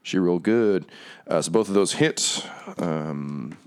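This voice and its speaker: A man narrating as game master of a tabletop fantasy game, talking loosely with many pauses and ums. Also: low-pitched, clear, resonant tone.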